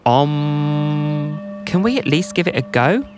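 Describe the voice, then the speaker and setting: A man voicing a laid-back ladybug who teaches mindfulness in a rhymed bedtime story, mellow and calming. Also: sits high, brisk, over music, voice pushed up. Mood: mellow, soothing.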